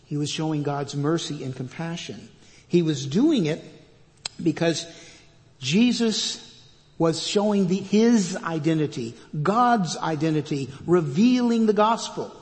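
A man preaching a sermon as pastor, reading scripture loudly and dropping to quiet asides. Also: on the high side, a little slow, long reverb tail.

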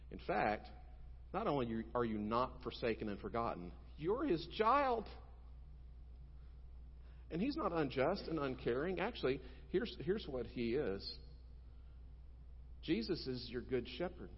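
A male pastor preaching a sermon, telling stories emphatically and moving between loud and quiet. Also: medium pitch, big pitch swings, a little slow, pauses often, slightly rough. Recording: dull sound with long hall reverb.

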